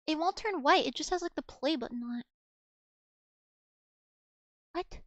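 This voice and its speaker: A woman's voice: sits high, measured pace, pauses often, fairly bright tone, no echo. A woman VTuber streamer in casual livestream chat, rambling along with lots of fillers and restarts.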